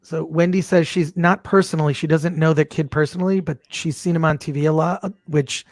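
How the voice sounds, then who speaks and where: Higher-voiced host, dry and jokey. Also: male voice, steady tone, brisk, dry recording. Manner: jokey, reads viewer comments aloud. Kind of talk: casual watch-party chat.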